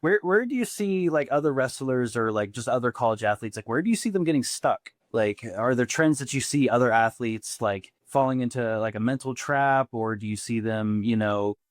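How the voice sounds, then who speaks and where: A man's voice: mid-range voice, normal speed, few pauses, dry recording, studio quality. A man hosting an interview, asking casual, loosely phrased questions. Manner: relaxed, searching for words with many "like"s. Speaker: podcast host.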